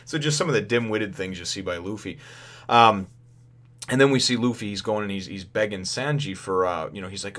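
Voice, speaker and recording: A man's voice: fairly low pitch, moderate pace, fairly bright tone. A man casually reviewing a manga chapter, rambling with many fillers and raising his voice to act out the characters' lines. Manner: rambling, lots of fillers, laughs while retelling; acts out lines of the characters in a raised voice.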